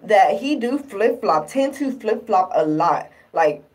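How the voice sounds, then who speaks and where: A woman's voice: mid-range voice, expressive, takes it slowly, a little mellow. A woman in a casual vlog, retelling her relationship troubles in an exasperated, rambling way with lots of fillers. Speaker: vlogger. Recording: distant from the microphone.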